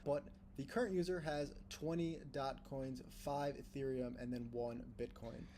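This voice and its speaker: A man's voice: mid-range voice, moderate pace, a crowd in the background. Man walking through an app demo. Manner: steady, explanatory. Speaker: tutorial presenter. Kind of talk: screen-recorded app walkthrough.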